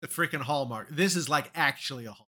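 A man playing along on a casual podcast game, guessing in a hesitant, halting way. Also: on the high side, pushed and bright, husky.

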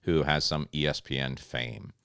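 A man co-hosting a podcast, telling a story in a casual, animated way and acting out the voices of the people in it. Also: very deep voice, normal speed, smooth, no echo, studio quality. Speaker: podcast co-host and stand-up comedian.

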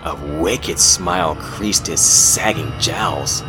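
Deep, slow-spoken horror narrator. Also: male voice. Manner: measured, dramatic storytelling. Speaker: narrator and host. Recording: music playing underneath.

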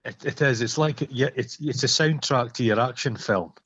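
A man's voice: medium pitch, normal speed, fairly bright tone, husky, no echo. A Scottish man, a podcast co-host joking wryly and swearing in casual chat. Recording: slightly muffled dry sound.

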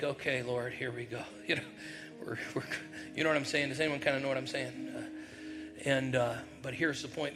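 Middle-aged male pastor, mid-pitched, conversational sermon with acted-out voices, music bed behind. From northern New York. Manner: conversational, acts out quoted voices, rising to loud bursts. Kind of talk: sermon with personal storytelling.

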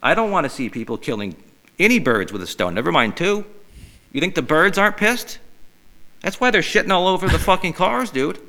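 A middle-aged man hosts a casual podcast, ranting in mock outrage and swearing freely. His voice is bright and ringing, and his pitch swings widely as he works himself up. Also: brisk. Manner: profane, animated, mock-outraged. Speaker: podcast host. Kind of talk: casual comedic podcast rant.

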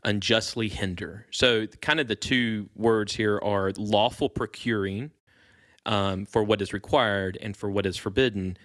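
A man's voice: on the low side, fairly even intonation, unhurried, fairly bright tone, no room sound. A man hosting a casual faith podcast, laughing easily between thoughts and reading scripture aloud. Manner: laughs easily, filler-heavy delivery. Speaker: podcast host.

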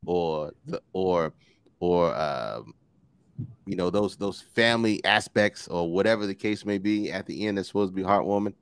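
Forties male co-host, low voice, lively and jokey, dry close sound. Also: normal speed, clear, resonant tone, no room sound. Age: 40s. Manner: animated, joking, swearing, laughs often. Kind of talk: casual chat.

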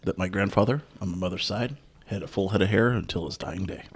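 Deep-voiced man explaining beer. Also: fast, breathy edge. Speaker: podcast co-host. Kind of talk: casual chat over beer tasting.

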